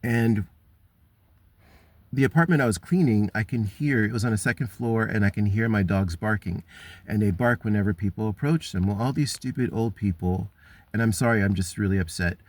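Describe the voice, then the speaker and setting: A man's voice: lowish voice, moderate pace, darkish tone, no room sound. A man vlogging a long personal story, frustrated and wandering, with many ums and restarts.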